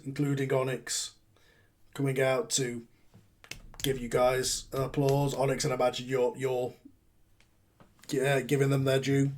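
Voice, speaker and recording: A man's voice: mid-range voice, monotone, measured pace, long pauses, darkish tone. A man running a tabletop wrestling game as game master, describing scenes with some restarts.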